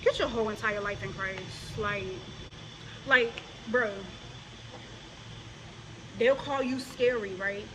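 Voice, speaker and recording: Speaking straight to her viewers, a woman vlogger with religious themes scolds and mocks the people she's addressing in a confrontational rant. Her mid-range voice moves slowly, with long pauses, over a noisy background.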